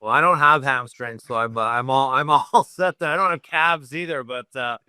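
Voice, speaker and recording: A man with a bright, crisp voice and a dry, close sound. He chats as a podcast guest, cracking self-deprecating jokes and laughing easily. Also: medium pitch, moderate pace, no echo. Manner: joking, laughs often, self-mocking. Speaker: guest hockey analyst. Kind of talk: casual podcast chat.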